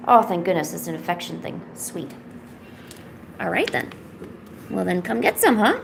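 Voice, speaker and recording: A woman's voice: on the low side, big pitch swings, moderate pace, creaky, noisy background. A woman live-streaming from home, chatting casually with viewers and cooing baby talk to her cat. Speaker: art streamer.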